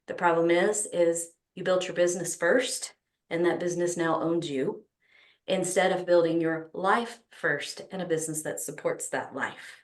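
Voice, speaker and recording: A woman's voice: on the low side, fairly even intonation, moderate pace, roomy sound. A woman with a Texas accent hosting an online business summit, talking enthusiastically with many ums and restarts. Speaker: summit host. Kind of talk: opening remarks at an online summit.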